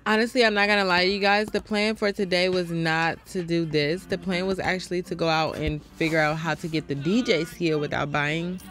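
Here a female gaming streamer talks a little fast with few pauses, her voice lowish, as faint music sits behind her. Her let's play commentary is casual, profane, and animated, aimed at her viewers.

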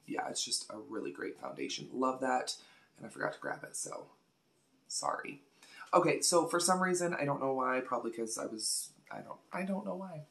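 A woman hosting a casual beauty product review vlog, chatty and gushing, often repeating words for emphasis. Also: very deep voice. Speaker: beauty vlogger.

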